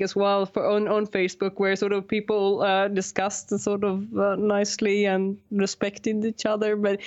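A woman being interviewed about her work, talking casually with frequent laughs and restarts. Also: mid-range voice. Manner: laughs often, many restarts and fillers. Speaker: guest, science communicator. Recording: slightly dull lo-fi audio.

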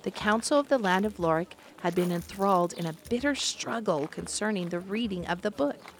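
A woman narrating a fantasy storybook in a measured, descriptive manner. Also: medium pitch.

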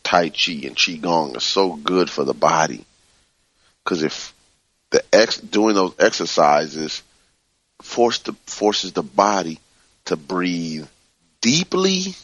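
Brief: low-voiced male teacher, calm and unhurried, dry close sound. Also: slightly rough, dry recording. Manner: slow, calm, repeats soothing phrases. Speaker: teacher leading a book study. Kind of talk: spiritual teaching, reading from a book.

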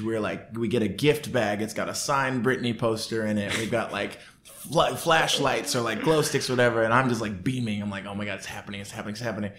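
A man telling a story in a casual interview, acting out what people said in raised, lively voices. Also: lowish voice. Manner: animated, acts out quotes in raised voices. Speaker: podcast guest.

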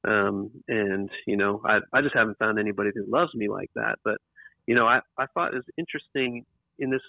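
A man's voice: on the low side, a little fast, creaky, no room sound. A man being interviewed about his book, talking in a rambling way with restarts and emphatic repeats. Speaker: author and interview guest. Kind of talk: casual interview talk. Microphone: computer microphone. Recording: tinny phone-like line, dry.

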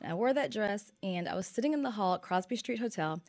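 A woman journalist guest in a casual chat, telling animated stories about interviews. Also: mid-range voice. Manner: fast, storytelling, animated.

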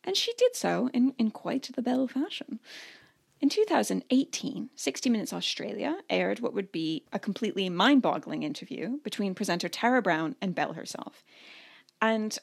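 Gravelly-voiced woman podcast host. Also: medium pitch, normal speed. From Canada. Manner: chatty and animated, often laughing. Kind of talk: casual storytelling chat.

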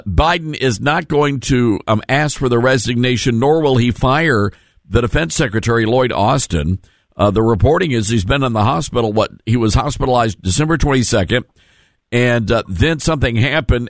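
A man's voice: medium pitch, no echo. A man hosting a conservative talk radio show from a studio, telling folksy joking stories with a froggy voice from the flu. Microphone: studio mic.

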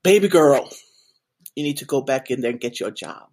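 A woman putting on a deep, drawling older man's voice, a fatherly mentor giving firm advice. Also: expressive, normal speed, darkish tone, husky, heavily acted. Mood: urging.

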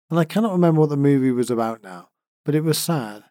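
A man's voice: a little high, lively intonation, fast talker, dark tone, no room sound, clean studio sound. A middle-aged man hosts a reflective podcast monologue, talking in an earnest, heartfelt, musing way. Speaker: podcast host.

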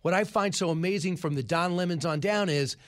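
A man's voice: high voice, a little fast. A man hosting a talk show, talking casually with frequent restarts.

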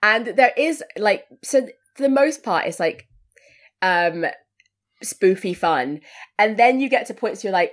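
A woman's voice: medium pitch, lively intonation, a little slow. A woman hosting a podcast, chatting casually about films, laughing often and swearing now and then. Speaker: podcast host. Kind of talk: casual film discussion.

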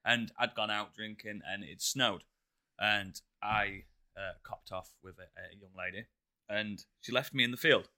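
A man's voice: fairly low pitch, unhurried, sharp tone. A man, a podcast co-host telling blunt, jokey stories in casual banter.

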